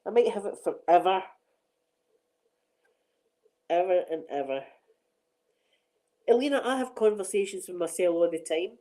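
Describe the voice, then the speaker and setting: A woman's voice: on the low side, expressive, a little slow, pauses often, dark tone, low-quality recording. A middle-aged Scottish woman hosting a casual chat on her ASMR channel, rambling and laughing often.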